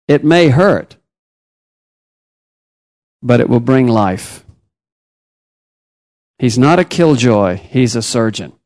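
Man, preacher, missionary, sermon, storytelling, pitch swinging up and down, fairly high voice. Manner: storytelling, with lively rises and drops in pitch.

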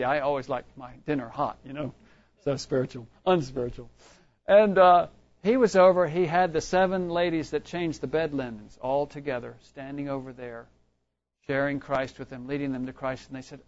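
A man's voice: fairly high pitch, normal speed, a little mellow. A man preaching a sermon in a conversational, storytelling way, often restarting his sentences. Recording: dull lo-fi recording.

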